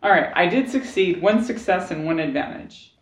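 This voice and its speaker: Playful low-voiced woman player. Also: expressive, normal speed. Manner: playful, upbeat. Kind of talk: casual tabletop play. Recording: echoey room.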